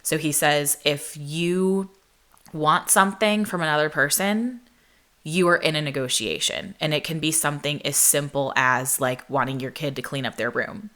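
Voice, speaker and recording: Young woman, podcast host, low-pitched, bright and sharp tone, casual animated storytelling, lots of fillers. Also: moderate pace. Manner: animated, frequent "like" fillers, quotes people in higher voices.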